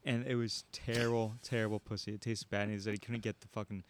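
A man's voice: fairly low pitch, flat delivery, fast, slight background noise. Rambling man telling a story. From San Diego. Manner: rambling, many restarts and repeats. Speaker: podcast co-host. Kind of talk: casual storytelling.

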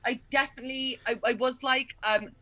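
A woman comedian with a very bright, ringing voice, trading stories on a comedy podcast. She is animated and acts out her old childhood outbursts as she goes. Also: high-pitched, brisk, no echo, poor audio. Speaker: guest comedian.

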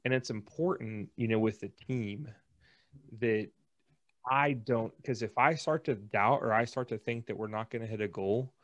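A man co-hosting a casual podcast, an animated storyteller who acts out the people in his stories. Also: on the low side, normal speed, no echo, lo-fi sound. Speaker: podcast co-host. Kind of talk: casual chat.

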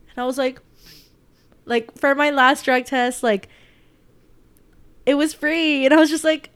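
A woman's voice: high voice, flat delivery, a little slow, pauses often, a bit bright, no echo. A young woman vlogging casually about her day, rambling with lots of fillers and holding back tears. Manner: chatty, rambling, many fillers. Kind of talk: casual personal vlog.

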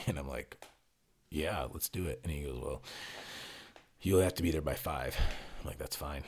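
A man co-hosting a podcast, telling a story in casual chat, animated and swearing freely as he acts out what people said. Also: extremely low pitch, moderate pace, a little hiss or hum. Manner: animated retelling, acting out quotes, swearing freely.

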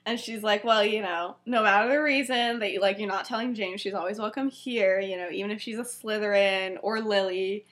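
A woman's voice: medium pitch, fairly even intonation, a little fast, few pauses, fairly bright tone. A young woman co-hosting a podcast, retelling a story in casual chat, giggling often and acting out quoted lines with lots of fillers. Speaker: podcast co-host.

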